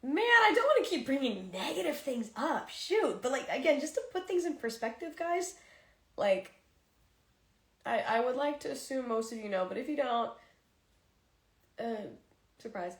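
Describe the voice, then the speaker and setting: A woman's voice: high-pitched, big pitch swings, normal speed, pauses often, a bit bright. A woman hosting a casual livestream chat with fans, emotional and tearful, sighing often and speaking candidly into a phone. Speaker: livestream host talking to fans. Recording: roomy echo.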